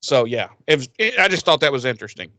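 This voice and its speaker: A man co-hosting a podcast, casually recapping a TV episode with lots of swearing and lively acted-out quotes. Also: medium pitch, fast talker, no room sound. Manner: profane, animated, acts out quoted lines. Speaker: podcast co-host.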